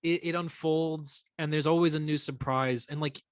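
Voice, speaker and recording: A man's voice: fairly high pitch, steady tone, normal speed, clean tone, no echo, studio quality. A man co-hosting a podcast, chatting casually and enthusiastically, often restarting his sentences. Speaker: podcast co-host. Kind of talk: casual chat.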